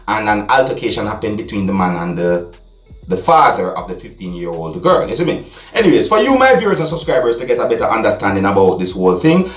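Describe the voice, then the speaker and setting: A man's voice: lowish voice, far from the mic. A man hosting a news commentary vlog, stretching out key words and dropping in catchphrases. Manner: drawn-out emphatic phrasing with catchphrases. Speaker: vlog host. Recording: echoey room, off-mic.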